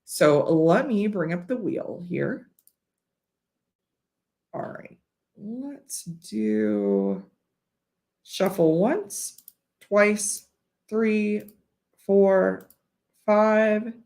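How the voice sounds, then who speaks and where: A woman's voice: medium pitch, very animated, very slow, pauses often, darkish tone. A woman from Ohio hosting a casual whiskey livestream, chatty and rambling with fillers and restarts, a bit tipsy. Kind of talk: casual live-stream chat. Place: home studio.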